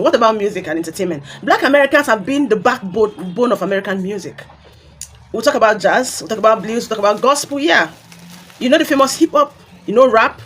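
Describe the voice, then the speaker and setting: A woman's voice: high-pitched, a bit bright. A woman with a Nigerian accent giving an earnest, lecturing commentary. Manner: earnest, lecturing, lists examples. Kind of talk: explanatory commentary.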